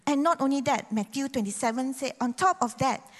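A woman preacher, giving a sermon and acting out quoted voices with sudden loud bursts. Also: sits high, brisk. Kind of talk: sermon with prayer. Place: church hall. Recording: long hall reverb.

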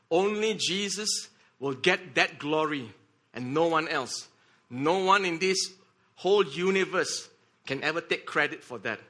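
A man preaches a sermon in a very bright, sharp voice that sits a little high. He restarts phrases often and keeps checking in with his listeners. At times he leads them in shouting together. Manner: repeats words, checks in with "okay?" and "right?".

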